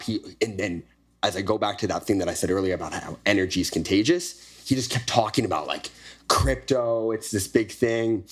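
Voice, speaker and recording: A young man hosting a podcast, telling a personal story in a casual, animated way and acting out the dialogue with frequent swearing. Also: lowish voice. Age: young adult. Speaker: podcast host. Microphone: podcast studio microphone.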